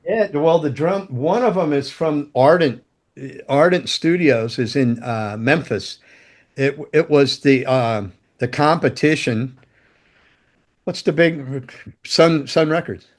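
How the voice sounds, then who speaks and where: Taking it slowly in a higher-pitched voice, a man who used to be a guitar tech and roadie shares casual guest anecdotes. He swears freely, laughs as he tells them, and imitates other people's lines.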